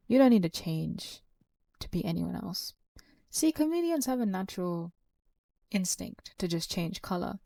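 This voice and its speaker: Brief: an encouraging woman host, low-ish gravelly voice, dry sound. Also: normal speed, dark tone, no room sound, distant mic. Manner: earnest, encouraging. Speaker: channel host. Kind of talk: reflective advice talk.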